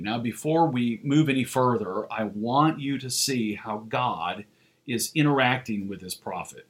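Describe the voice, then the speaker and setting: A man preaching a sermon as pastor, earnest, with "uh" fillers, slowing down for emphasis. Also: medium pitch.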